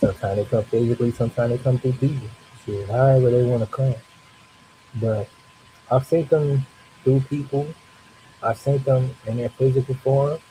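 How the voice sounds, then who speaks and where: Male storyteller, casual and profane, mellow tone, animated retelling over a faint hiss. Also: medium pitch, normal speed, low-quality recording. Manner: loose, profane, animated retelling with acted-out reactions.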